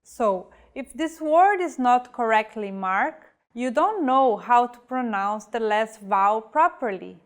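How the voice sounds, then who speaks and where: Slow, careful woman teaching pronunciation. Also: a little high, expressive. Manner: slow, carefully enunciated example words. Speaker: language teacher. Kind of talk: scripted language lesson.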